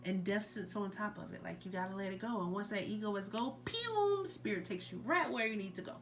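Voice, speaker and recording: A woman talks through a tarot reading in a loose, filler-heavy way, earnestly pressing her listeners to let things go. Her voice sits at an ordinary middle pitch. A faint hiss runs under the recording. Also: steady tone, fast talker, vocal fry. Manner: loose and filler-heavy, many likes and ums. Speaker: tarot reader. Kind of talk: casual spiritual tarot reading.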